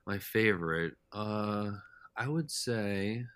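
Young guy rambling thru a story on a podcast, low voice, kinda sharp tone, lots of likes and uhs. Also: slow, clean tone, dry recording. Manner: rambling, heavy with "like" and "uh" fillers. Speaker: podcast guest. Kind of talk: casual storytelling chat.

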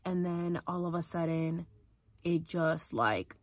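A woman's voice: fairly low pitch, slow, no echo. A young woman casually telling a personal story on a podcast, chatty, filling her speech with "like" and acting out the quotes. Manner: chatty, heavy use of "like", acts out quotes. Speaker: podcast host.

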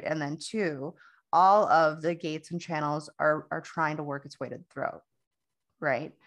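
Low-pitched young woman co-hosting a chatty podcast, rambles and restarts a lot. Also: a bit bright. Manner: rambling storyteller, many restarts and quoted dialogue. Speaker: podcast co-host. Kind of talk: casual chat.

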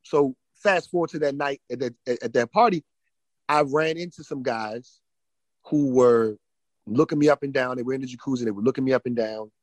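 Husky guy telling his story on a podcast, keeps restarting words, gets loud then quiet, dry room. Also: medium pitch, brisk, dry recording, poor audio. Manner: stammering restarts, repeating words; swings between loud and hushed. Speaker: podcast guest. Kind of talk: emotional personal testimony.

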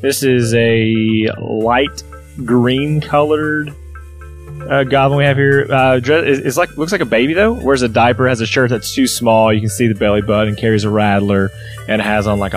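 A man playing a tabletop game with friends, halting a little as he describes his character. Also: mid-range voice, steady tone, faint music behind. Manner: halting, with fillers. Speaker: player. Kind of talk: casual tabletop role-play chat.

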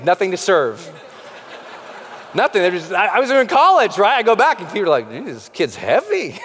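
A man giving an energetic motivational talk, swinging from hushed lines to shouting. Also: fairly high pitch. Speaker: motivational speaker. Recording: live hall with long reverb.

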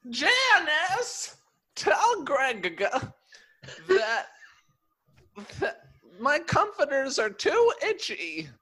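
A man voicing a cranky, demanding elderly mother-in-law in an improv comedy podcast, nagging and yelling. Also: huge pitch swings, extremely slow, exaggerated voice. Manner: shrill, nagging yells.

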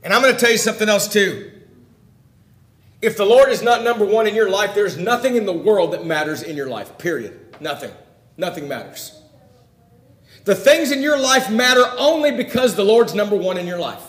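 Man preaching a sermon, high voice, asks the crowd straight questions, gets loud then drops real quiet, echoey church room. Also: animated, normal speed. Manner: direct questions to listeners, swings between loud emphasis and hushed tones.

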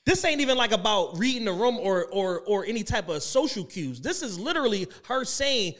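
A man's voice: high voice, sing-song, fairly quick, few pauses, a bit bright. A man co-hosting a podcast, giving blunt, joking commentary in casual chat. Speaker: podcast co-host.

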